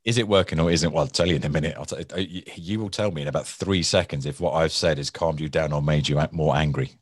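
Very deep-voiced man, dry sound. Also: fast talker, no echo. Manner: animated storytelling, acts out angry people; repeats and restarts words. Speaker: guest, former hostage negotiator. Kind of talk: conversational interview.

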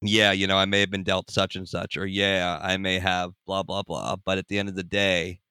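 A young man, a podcast guest, telling a personal story in a casual, animated way, acting out the people in it. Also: low voice, moderate pace, clean tone, dry recording, studio quality. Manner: animated, acts out voices in anecdotes.

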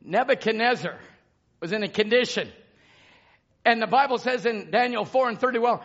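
A man preaching a sermon in drawn-out emphatic phrases, rising to shouts and dropping to hushed asides. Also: high-pitched, animated. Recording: dull lo-fi sermon recording.

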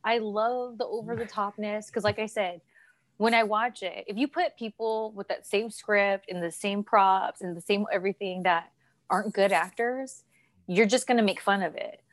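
Animated woman telling stories, dry close mic. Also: mid-range voice, moderate pace, dry recording. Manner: animated storyteller, acts out quotes. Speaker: co-host. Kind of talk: casual podcast chat.

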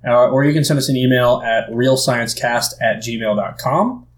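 A man's voice: medium pitch, moderate pace. A man co-hosting a podcast in casual, joking chat and plugging the show. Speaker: podcast co-host.

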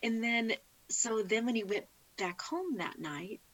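A woman's voice: on the high side, lively intonation, measured pace, fairly bright tone, poor audio. A middle-aged woman, a guest in an interview, telling a heartfelt faith testimony with frequent restarts. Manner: heartfelt storytelling with many restarts.

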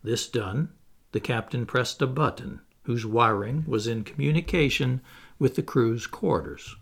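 A man narrating a classic novel in the first person as an audiobook, in a measured, expressive storytelling manner. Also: mid-range voice, vocal fry, breathy edge.

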